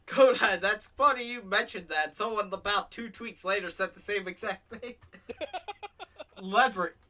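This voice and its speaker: A man's voice: high voice, a little slow, bright, forceful tone. A man co-hosting a casual podcast, swearing freely, laughing often and reading posts aloud. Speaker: podcast co-host. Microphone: home microphone, streamed show.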